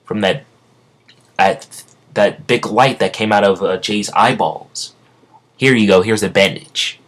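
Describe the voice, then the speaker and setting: A man's voice: lowish voice, slow pace. A man voicing a loyal, helpful male sidekick who talks in a casual, friendly way.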